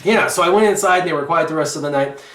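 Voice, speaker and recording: A man telling a story in casual chat, lively and rambling with lots of fillers. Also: fairly high pitch, quick pace. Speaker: guest storyteller. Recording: roomy echo.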